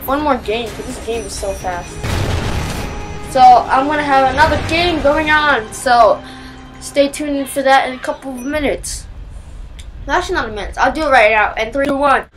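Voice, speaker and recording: High-voiced excitable woman gaming. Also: normal speed, faint music behind, low-quality recording. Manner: excitable, shrieks and wails when scared. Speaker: gameplay commentator. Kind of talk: live gameplay commentary.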